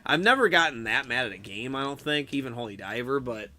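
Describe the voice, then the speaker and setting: Chatting easily with his game stream audience, a young adult man swears a lot, laughs often, and keeps saying "dude." His mid-range voice is animated and a little fast, with a sharp tone.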